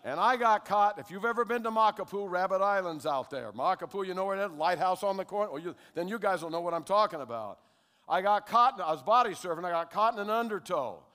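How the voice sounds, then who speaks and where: An older American man giving a lively spoken testimony to a congregation, checking in with his listeners as he tells his story. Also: high-pitched, quick pace. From United States. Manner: animated storyteller who keeps checking in with the audience. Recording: long hall reverb.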